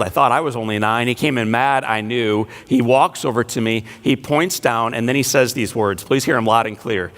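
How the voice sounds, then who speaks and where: Male inspirational speaker, middle pitch, storyteller mixing humor and quiet emotion. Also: moderate pace, hardly any pauses. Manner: storytelling, shifting between playful asides and hushed emotional lines. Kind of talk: inspirational speech to a large audience. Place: large banquet hall.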